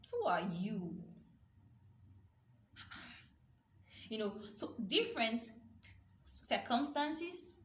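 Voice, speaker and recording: Earnest woman teaching scripture. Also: mid-range voice. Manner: earnest, repeats herself, quotes scripture. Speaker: youth Bible study teacher. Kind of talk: Bible study teaching. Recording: echoey room with faint noise.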